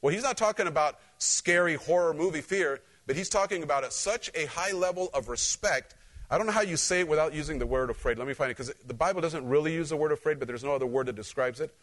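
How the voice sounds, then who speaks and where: A pastor whose voice is a little high for a man talks fast through a conversational sermon. He is animated, shares personal stories, and speaks directly to the congregation.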